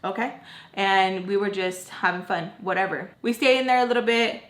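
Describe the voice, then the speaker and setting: A woman's voice: medium pitch, normal speed. A young woman telling a story in a casual, candid way, with lots of fillers and free swearing. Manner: candid, chatty, swears freely, many fillers. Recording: roomy echo.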